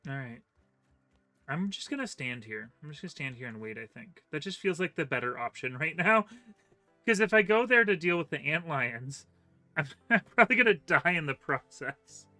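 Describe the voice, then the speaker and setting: A man's voice: on the high side, expressive, normal speed, pushed and bright, no room sound, soft background music. A man hosting a casual co-op game stream, rambling with lots of fillers and chuckles. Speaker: gaming channel host. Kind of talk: casual co-op gameplay chat.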